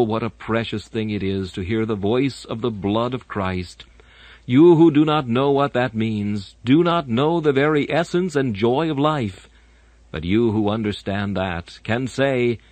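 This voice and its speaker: A man's voice: medium pitch, lively intonation, unhurried, darkish tone, no room sound. A man delivering a sermon in a solemn, dramatic way, with sweeping rises and falls and archaic phrasing. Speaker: preacher. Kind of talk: sermon reading.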